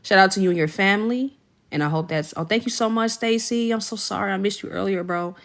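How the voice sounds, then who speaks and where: A woman hosting a casual livestream, chatting with viewers, thanking and shouting them out by name in an effusive, slangy way. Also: quick pace. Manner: jumps to high excited pitch when celebrating. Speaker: livestream host.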